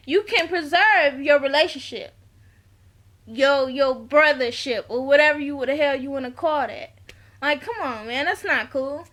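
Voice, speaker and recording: A woman's voice: high voice, a little slow, a bit bright. A woman recapping a reality TV episode in a casual vlog, blunt and slangy, laughing often. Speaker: reality TV reviewer.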